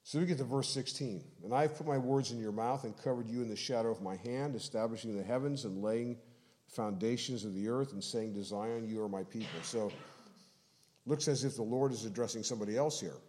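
A man preaching an expository sermon, explaining scripture in a measured way and slowing down to stress key phrases. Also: mid-range voice, darkish tone. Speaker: pastor.

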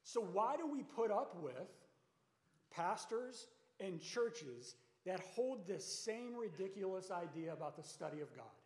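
In a church sanctuary with long, echoing reverb, a high-voiced pastor delivers a sermon. His tone is darkish, and he preaches conversationally, posing rhetorical questions.

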